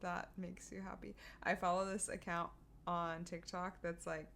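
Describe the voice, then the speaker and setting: A young woman with a slightly low voice co-hosts a relaxed podcast. She talks in an easy, giggly, storytelling way, laughing often between her sentences. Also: a little slow, creaky, a little hiss or hum. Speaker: podcast co-host. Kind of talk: casual chat.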